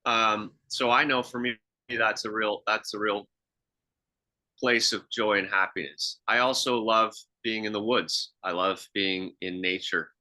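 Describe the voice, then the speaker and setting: A man's voice: on the low side, fairly even intonation, a little slow, bright, forceful tone. A man co-hosting a podcast, telling reflective stories in casual chat with frequent restarts. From half Swiss. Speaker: podcast co-host.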